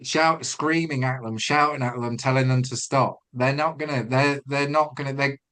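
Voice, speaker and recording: A man's voice: mid-range voice, steady tone, moderate pace, fairly bright tone. Rambling man coaching over a video call. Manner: rambling, many restarts, thinks aloud. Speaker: retraining coach and webinar co-host. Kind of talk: casual instructional chat.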